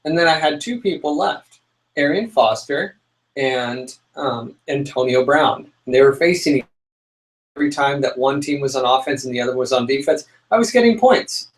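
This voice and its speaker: A young man co-hosting a casual chat show, telling a story with lively, dramatic outbursts. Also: mid-range voice, normal speed, poor audio. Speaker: podcast co-host.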